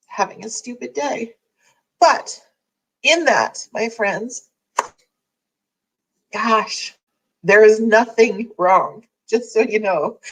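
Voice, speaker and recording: A woman with a medium-pitched voice hosts a daily online community chat, captured on a rough recording. She talks candidly and rambles, laughing often, in a casual, heartfelt livestream.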